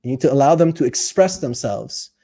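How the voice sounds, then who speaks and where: A young man hosting a casual live talk about relationships, animated and playful, acting out the people he quotes. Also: medium pitch, fairly quick, vocal fry, breathy edge.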